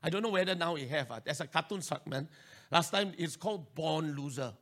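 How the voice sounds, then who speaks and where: A male pastor with a Singaporean English accent, preaching an animated sermon and urging his listeners to respond. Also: a little high, a little fast.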